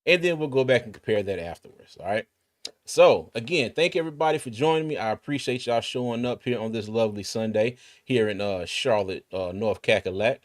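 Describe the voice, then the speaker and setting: A man's voice: mid-range voice, lively intonation, brisk. A man hosting a casual sports live stream, laid-back and chatty, with many fillers and restarts. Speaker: sports podcast host.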